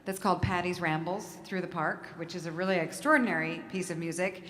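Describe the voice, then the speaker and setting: A woman's voice: lowish voice, brisk, fairly bright tone, long reverb tail. A woman folk musician chatting casually from the stage between songs at a live concert. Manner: chatty and casual, with loose filler words. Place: concert venue at a music festival.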